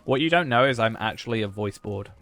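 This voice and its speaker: This man's fairly low, fairly bright voice is expressive and fairly quick. Chatting and joking with his stream audience while he games, he's backed by faint music.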